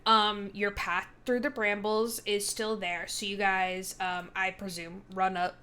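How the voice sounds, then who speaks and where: A woman running a tabletop fantasy game as game master, narrating in a relaxed, chatty way full of fillers. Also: mid-range voice, unhurried, a little hiss or hum.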